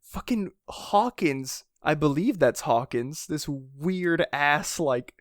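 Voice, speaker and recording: A man co-hosting a podcast in casual chat, excitable, laughing often and swearing casually. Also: a little high, takes it slowly, no echo, clean studio sound. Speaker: podcast co-host.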